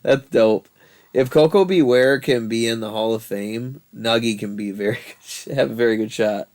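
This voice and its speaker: A man's voice: mid-range voice, moderate pace, darkish tone. A man giving casual gameplay commentary, telling rambling stories with frequent laughter and swearing. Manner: rambling, laughing, profane storytelling. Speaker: gaming channel host.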